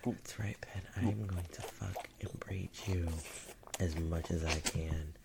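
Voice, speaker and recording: A man voicing a dominant, mocking non-human male creature in a whispered role-play, talking in a breathy, taunting manner with frequent chuckles. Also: low-pitched, fairly even intonation, unhurried, heavy background noise.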